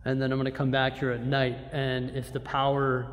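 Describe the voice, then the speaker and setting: A man's voice: medium pitch, completely flat delivery, a little fast. A man vlogging to a handheld camera, rambling and exasperated as he talks straight to his viewers. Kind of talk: casual vlog. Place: empty building with reverb, later a big store. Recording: echoey room with a long reverb tail.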